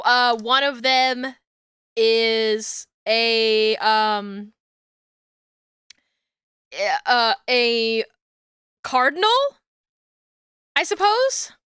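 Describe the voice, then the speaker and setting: High, bright-voiced giggly streamer woman. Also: clear, resonant tone, no room sound, clean studio sound. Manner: giggly, profane, rambling. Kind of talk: casual stream chat.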